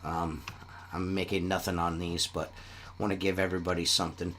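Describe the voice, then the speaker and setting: A man's voice: sits low, level tone, brisk, a bit bright, a little hiss or hum. A man hosting a casual podcast, rambling and swearing often, with "you know what I mean" in nearly every sentence. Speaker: podcast host selling shirts.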